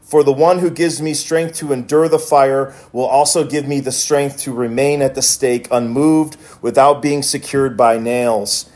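A preacher reading as an aged defiant martyr. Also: male voice, mid-range voice, steady tone, a little slow, few pauses, a little mellow, lightly acted. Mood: steadfast. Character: aged steadfast male martyr bishop, calm and defiant.

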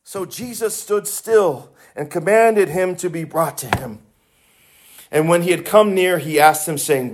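A man preaching a sermon, reading scripture and building from quiet, low passages to high, shouted cries. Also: unhurried.

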